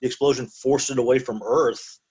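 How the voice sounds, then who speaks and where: A man's voice: medium pitch, steady tone, a little fast, a little mellow, slightly rough. A man joining a casual podcast chat with brief interjections. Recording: dull lo-fi sound.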